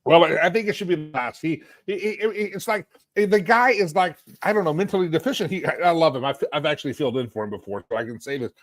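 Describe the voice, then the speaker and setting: A middle-aged man hosting a live political talk stream from a hotel suite, sarcastic and animated, rambling and restarting as he goes. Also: fairly high pitch, fast, few pauses, no room sound. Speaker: talk show host.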